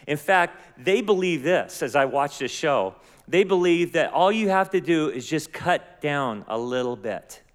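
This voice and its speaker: A man's voice: fairly high pitch, animated, measured pace, hardly any pauses. A man preaching a sermon as pastor, earnest and often asking his listeners questions. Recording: long hall reverb.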